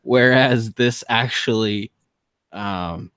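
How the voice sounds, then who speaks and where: A man's voice: on the low side, extremely slow, a bit bright, smooth, dry recording. A man co-hosting a casual podcast chat, enthusiastic, laughing often and restarting his phrases.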